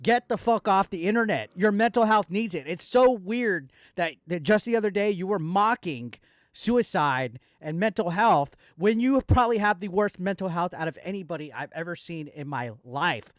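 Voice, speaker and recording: A man with a notably high-pitched voice rants through a commentary video. He swears constantly and talks straight at the person he is attacking. The sound is dry, with no room echo. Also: animated, normal speed. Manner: profane, heated ranting addressed straight at a rival. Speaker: commentary channel host. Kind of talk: angry reaction commentary.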